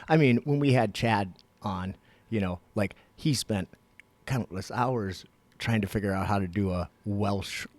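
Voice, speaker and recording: A man's voice: lowish voice, a little slow, darkish tone, dry recording. A man co-hosting a podcast in casual chat, blunt and casually profane. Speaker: podcast co-host.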